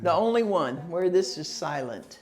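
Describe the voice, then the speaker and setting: An American woman teaching English pronunciation patiently, repeating words slowly and laughing easily. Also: lowish voice, sing-song, darkish tone. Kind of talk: pronunciation lesson, casual explaining.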